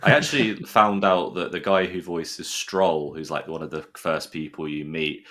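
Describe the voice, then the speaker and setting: A man's voice: extremely low pitch, fairly even intonation, moderate pace, a bit bright. A man from the United Kingdom with a British accent, chatting enthusiastically as a podcast guest, rambling a little with restarts. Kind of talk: casual podcast chat.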